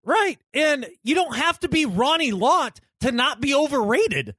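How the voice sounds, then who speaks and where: A man with a high voice co-hosts a sports podcast, riffing in an emphatic, sarcastic way. His pitch swings widely as he argues. The sound is dry and close. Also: sing-song, a little slow, sharp tone, no echo. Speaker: podcast co-host. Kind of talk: casual sports chat.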